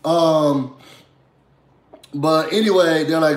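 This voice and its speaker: A hoarse man with a slightly higher voice gives a chatty, sassy recap of a reality show, peppering it with asides to his viewers. His voice sounds worn from being under the weather. The sound bounces around a roomy space. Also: moderate pace. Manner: chatty, sassy, asks "you know what I'm saying?". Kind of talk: casual recap commentary.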